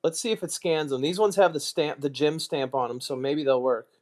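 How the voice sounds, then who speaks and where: A man's voice: on the high side, a little fast, a little mellow. An American man chatting casually on a live stream, muttering asides and mocking himself as he goes. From United States. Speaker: streamer, card collector.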